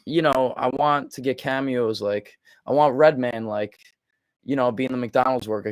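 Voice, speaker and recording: A young man chatting casually, excitable and swearing freely, often acting out his own quotes. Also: medium pitch, dry recording. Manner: excitable, swearing, quoting himself in quick asides. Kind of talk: casual chat.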